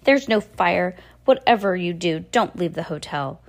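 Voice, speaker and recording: A man's voice: sits high, expressive, measured pace, vocal fry, heavily acted. A woman voicing a scheming, hot-tempered male villain in a read-aloud storybook, grumbling and shrieking. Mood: shrill, frantic.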